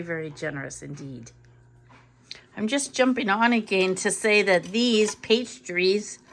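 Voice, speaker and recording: A woman's voice: fairly low pitch, bright, forceful tone. A middle-aged woman from Canada, a vlogger chatting casually at home as she unpacks groceries and thinks aloud. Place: home kitchen.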